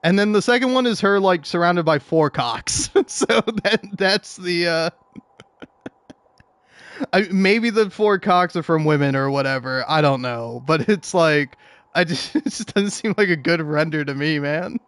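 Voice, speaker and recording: A man's voice: fairly high pitch, lively intonation, measured pace, a bit bright, smooth, dry recording. A young man casually riffing as an online commentator, rambling and stammering with frequent laughs.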